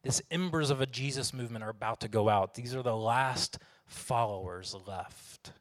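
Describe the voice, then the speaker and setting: A man's voice: mid-range voice, normal speed. A man, preaching a conversational sermon to his congregation and asking them questions. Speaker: pastor. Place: church sanctuary. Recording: long hall reverb.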